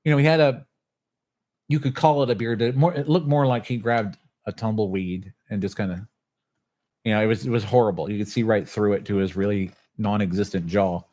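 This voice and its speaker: A man's voice: lowish voice, fairly even intonation, a little fast, warm tone. A man telling a long, agitated story in a casual livestream, swearing and acting out what others said. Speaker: channel host.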